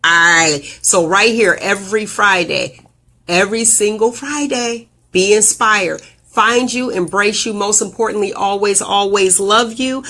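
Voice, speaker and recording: Woman, host, casual live chat, animated storytelling, big pitch leaps, middle pitch. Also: measured pace.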